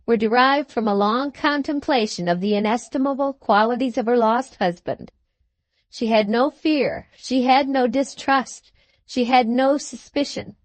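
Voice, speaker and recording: A woman's voice: high-pitched, dry recording. A woman reading the lines of a pompous male barrister making a grand, theatrical speech to a jury in an audiobook. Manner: grandiloquent, theatrical courtroom oratory.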